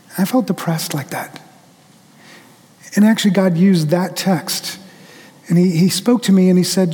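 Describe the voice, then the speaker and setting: A middle-aged man delivers a sermon in a fairly high, mellow voice, telling stories and acting out the lines of the people in them. His voice carries with a long reverb, as if heard in a church sanctuary. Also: normal speed, long pauses. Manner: storytelling preacher who acts out quotes. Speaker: pastor.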